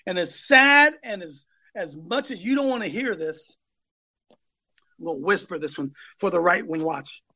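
Fiery high-pitched preacher man. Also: moderate pace, pushed and bright. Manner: emphatic, repetitive, calls on co-hosts by name. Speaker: host and preacher. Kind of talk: fiery preaching on a live talk show. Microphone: phone.

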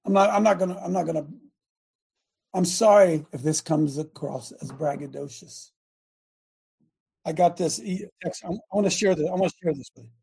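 An older man hosting a talk radio show, delivering a fiery, repetitive preachy rant that rises to shouts. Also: a little high, moderate pace, creaky, pauses often, husky.

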